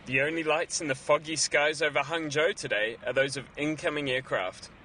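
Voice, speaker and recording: A male correspondent reads a measured news report in a bright, somewhat high voice. He is recorded outdoors in a city, with faint traffic noise in the background. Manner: measured, even reporting delivery.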